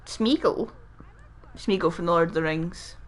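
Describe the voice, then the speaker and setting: A woman's voice: lowish voice, a little slow. A woman co-hosting a gameplay video, chatting casually and rambling through her explanations with lots of fillers. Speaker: gaming channel co-host. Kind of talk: casual chat during gameplay.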